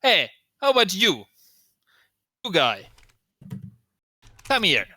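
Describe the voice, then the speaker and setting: A man's voice: high-pitched, huge pitch swings, slow pace, pushed and bright, dry recording, pitched above the performer's own voice, heavily acted. A man voicing a boastful, muscled half-orc wrestler who talks about himself in the third person. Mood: taunting.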